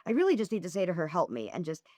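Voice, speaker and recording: A woman's voice: rapid-fire, dry recording, studio quality. A middle-aged woman, a podcast guest and author, talking candidly and acting out the people in her stories with big swings of her voice. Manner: animated storyteller, acts out dialogue with big pitch swings. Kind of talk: candid interview conversation.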